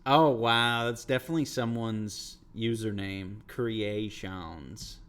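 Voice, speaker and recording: A man's voice: medium pitch, lively intonation, slow, slight background noise. A man streaming, chatting casually with his viewers in a rambling, profane way. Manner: rambling, profane, reacting to chat. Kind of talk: casual livestream chat.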